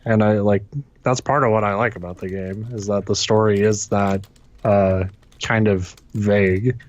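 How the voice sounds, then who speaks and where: A man's voice: lowish voice, fairly even intonation, moderate pace. A man co-hosting a casual gaming podcast who talks hesitantly, with lots of fillers and casual swearing. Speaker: podcast co-host.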